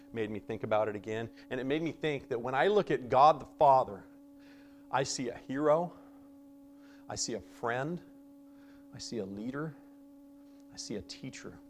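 A man preaching a conversational sermon, swinging between loud emphasis and soft asides and acting out quoted voices with humor. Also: medium pitch.

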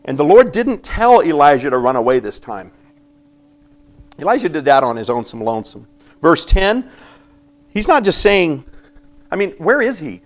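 A man preaching a sermon, reading scripture aloud and acting out the voices in it, swinging from loud emphasis to quiet asides. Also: on the high side, normal speed. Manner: animated preaching, acting out biblical voices with sudden quiet drops. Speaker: pastor.

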